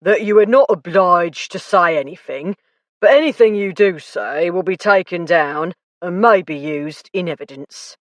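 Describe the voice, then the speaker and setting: Formal, intoning policeman, read by a woman, measured and dry. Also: lowish voice, dry recording, natural voice.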